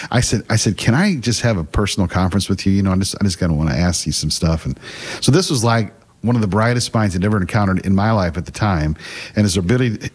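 A middle-aged man, a guest who teaches a faith class, speaks in a low, slightly mellow voice. He tells stories in a casual, conversational way, earnest in tone, sometimes stammering and starting over.

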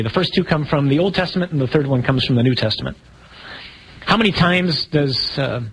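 A man preaching as a priest in a relaxed, conversational sermon, asking the audience questions and poking fun at himself. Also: medium pitch, slight background noise, low-quality recording. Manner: conversational, asks the audience questions, self-deprecating humor. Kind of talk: sermon talk to a congregation.

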